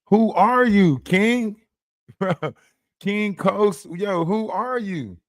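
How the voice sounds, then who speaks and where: A man in a heated livestream rant, mocking and profane, hammering the same phrases over and over. His voice sits a bit high for a man. It is dry and close on the mic. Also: drawn-out words, dry recording. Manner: profane, mocking, repeats lines for emphasis. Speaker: livestream host.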